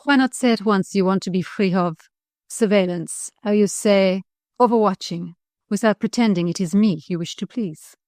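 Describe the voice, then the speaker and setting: A woman putting on a shrill French governess. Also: normal speed, a little mellow, no echo, clean studio sound, close to an everyday voice. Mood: fussy.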